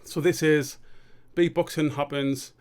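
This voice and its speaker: A man's voice: a little high, fairly even intonation, a little slow, clean tone. Rambling, sweary man on a live stream. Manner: rambling, sweary, self-mocking. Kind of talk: casual live-stream chat.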